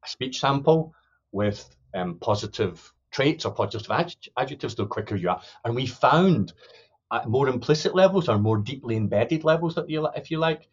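A man's voice: medium pitch, expressive, normal speed, breathy edge, dull audio. A man, a sociolinguistics academic, earnestly explaining research findings in an interview, hesitant with many restarts. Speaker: sociolinguistics academic, podcast guest.

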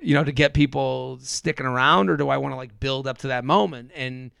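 A comedian chatting casually on a podcast, rambling with many fillers and restarts. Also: male voice, mid-range voice, a little fast, vocal fry, fairly bright tone, smooth, dry recording.

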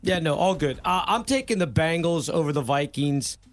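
A man's voice: a little high, animated, moderate pace, faint music behind. A man on a sports podcast panel giving his pick in a sarcastic, emphatic way. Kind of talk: casual sports chat.

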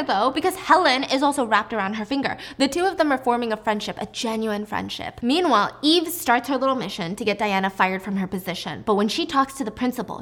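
Chatty woman recapping a drama. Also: a little high. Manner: chatty, animated, jokey asides. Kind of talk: casual drama recap storytelling.

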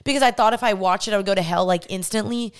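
A young woman hosting a podcast, telling her personal faith testimony in an animated way and acting out the voices she remembers. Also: mid-range voice, fast talker, clean tone. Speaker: podcast host.

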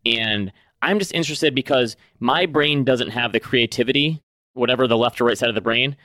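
Male podcast co-host, casual and chatty, mid-pitched voice, dry close recording. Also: a little fast, no echo. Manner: relaxed, chatty, lots of "like" fillers. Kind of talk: casual chat.

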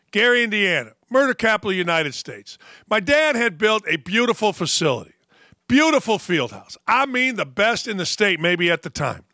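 A man hosting a sports talk show, ranting with sarcasm and animated swings. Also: sits high, dry recording, clean studio sound.

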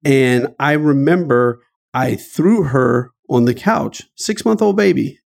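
With a slow, creaky delivery and a darkish tone, this Dayton, Ohio, man in middle age shares a moving personal story as an interview guest. The guest author is earnest and emotional, and his voice climbs in pitch when things hurt.

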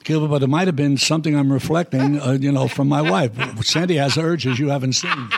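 An older man with a New York accent telling lively, salty stories as a guest in an interview, acting out quotes as he goes. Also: fairly high pitch, fairly quick, creaky, crowd noise. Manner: animated, salty, acts out quotes. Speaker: guest actor. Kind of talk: storytelling interview. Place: private club room.

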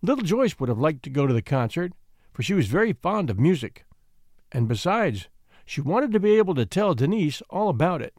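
A man narrating a classic storybook in an expressive, gently measured way. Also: a little high, no room sound, studio quality.

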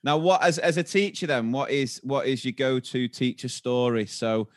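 A man hosting a podcast, asking questions in a relaxed, easygoing way. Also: mid-range voice, moderate pace, no room sound, clean studio sound. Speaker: podcast host. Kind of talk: casual interview chat.

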